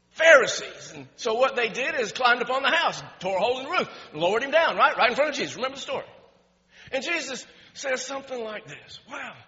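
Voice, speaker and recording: A high, bright-voiced man preaching with real animation, his delivery climbing toward near-shouts. The sound is muffled and dull, with a long reverb trailing off every phrase in a large church hall. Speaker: pastor. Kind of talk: sermon.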